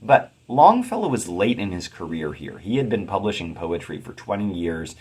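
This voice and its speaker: A man with a deep, low voice that carries a husky grain explains poetic meter in a calm, measured way. He reads verse aloud and breaks into chanted da-da syllables to mark each beat. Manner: thoughtful, measured explanation with occasional fillers. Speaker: poetry teacher. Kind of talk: explanatory lecture.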